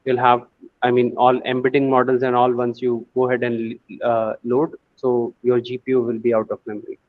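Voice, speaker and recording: A man's voice: medium pitch, monotone, normal speed, no echo. Guy walking through code on screen, uh's and restarts everywhere, dull dry lo-fi mic. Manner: thinks aloud, many fillers and restarts. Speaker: AI course instructor. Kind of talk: screen-share coding tutorial.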